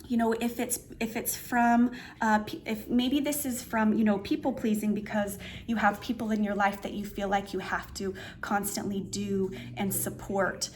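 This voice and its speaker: A woman's voice: medium pitch, slight background noise. A woman giving a casual, meandering tarot reading indoors, full of fillers and restarts as she explains the cards. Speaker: tarot reader. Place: indoor room with a painting behind her.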